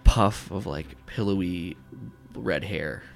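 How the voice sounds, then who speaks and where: A man's voice: deep voice, slow pace, creaky, faint music behind. A man narrating a tabletop game as game master, rambling and filling with "like" and "um.". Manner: rambling, full of "like" and "um".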